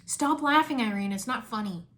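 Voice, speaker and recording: A woman reads as a young female ninja who takes charge. Her bright voice is firm and impatient with the others. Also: a little high, expressive, normal speed.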